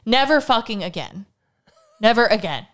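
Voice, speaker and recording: A woman in her thirties hosting a podcast, telling a story in an animated rant full of swearing and sarcastic mock quotes. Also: fairly high pitch, normal speed. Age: 30s. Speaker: podcast host. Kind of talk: casual storytelling chat.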